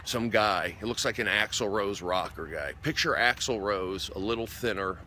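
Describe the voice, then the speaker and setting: A man's voice: fairly low pitch, unhurried. Rambling comedian man on a noisy street. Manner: rambling, repeats himself, restarts phrases; gets worked up and loud. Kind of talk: casual livestream storytelling. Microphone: phone livestream.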